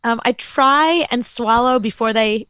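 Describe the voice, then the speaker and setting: A woman co-hosting a casual podcast chat, animated and quick to laugh. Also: on the high side, clean tone, no echo. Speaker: co-host.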